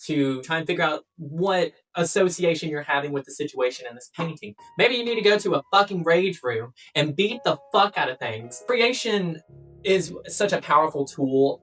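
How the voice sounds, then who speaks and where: Swearing freely, a young woman gives blunt, playful life tips in a casual vlog to camera. Her voice sits low with a fairly bright tone, picked up by a distant mic over background music.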